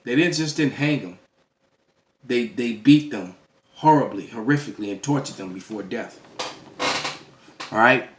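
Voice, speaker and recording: Brief: a religious teacher in an emphatic, preachy lecture; a man with a middle-pitched voice who checks in with "all right?" and restarts phrases. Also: unhurried, pauses often, noisy background. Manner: restarts and stammers mid-phrase.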